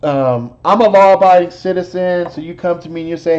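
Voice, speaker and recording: A man's voice: high-pitched, brisk, few pauses, a little mellow, lo-fi sound. A man hosting a live show, chatting casually in a profane, rambling, laid-back way. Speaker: host. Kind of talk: casual chat, movie talk.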